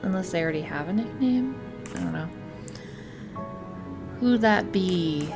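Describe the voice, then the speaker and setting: A woman's voice: on the low side, lively intonation, unhurried, vocal fry, music in the background. A young woman commenting on a game in a playful, rambling, casual way. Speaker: game streamer. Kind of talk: casual let's-play commentary.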